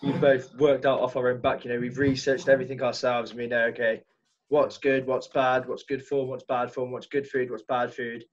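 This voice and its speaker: A young man co-hosting a casual podcast, chatty and asking questions, often pausing on "um". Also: mid-range voice, little pitch movement, dull audio. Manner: chatty, hesitant with "um". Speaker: podcast co-host.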